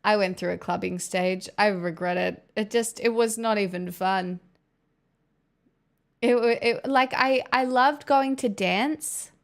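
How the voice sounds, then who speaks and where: Australian woman streamer, gravelly fry in the voice, casual chat replying to viewers. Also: mid-range voice, fairly even intonation, unhurried. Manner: chatty, answers chat messages, rambling restarts. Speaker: livestreamer.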